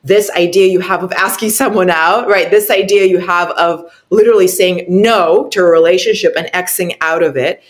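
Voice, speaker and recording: This interview features a woman intuitive coach whose lowish voice holds a fairly even intonation. Earnest and emphatic, she keeps asking "right?" and repeats herself while reaching for words.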